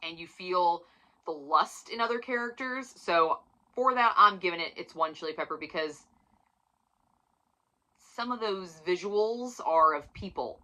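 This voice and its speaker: A woman giving a casual, profane book review for her channel, swinging from loud emphasis to near-whispers. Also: fairly low pitch, expressive, unhurried, low-quality recording.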